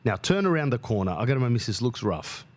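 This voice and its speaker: A man tells a story in a loose, animated monologue. His pitch swings widely as he gets caught up in it, and he swears freely and acts out the people he met along the way. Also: fast talker. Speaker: podcast host.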